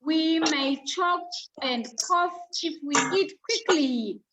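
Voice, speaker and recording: A woman teacher giving an online class over a video call, slowly repeating each point for young pupils. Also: high-pitched, lo-fi sound, noisy background.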